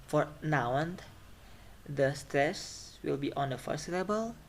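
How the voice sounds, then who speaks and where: A man's voice: a little high, expressive, slight background noise. Man teaching pronunciation. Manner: repeats example words slowly, checks with "right?". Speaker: phonetics teacher. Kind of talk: classroom lecture.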